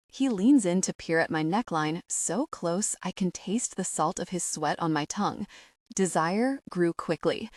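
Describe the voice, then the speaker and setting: A woman narrating a first-person romance audiobook, flustered and breathy in tone. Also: on the low side, normal speed, no echo, clean studio sound.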